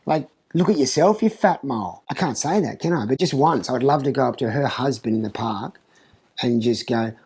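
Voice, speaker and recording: A man with an Australian accent doing a comic monologue about parenting, deadpan and crude. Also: medium pitch, brisk, breathy edge. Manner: deadpan, crude, mocking asides. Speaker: comedian. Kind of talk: stand-up style comic monologue.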